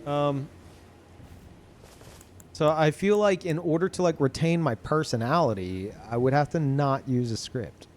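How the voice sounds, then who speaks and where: A man talking casually to his live-stream chat, who calls his own voice monotone. He rambles with many fillers and restarts and swears often. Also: on the high side, measured pace, pauses often. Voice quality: self-described monotone.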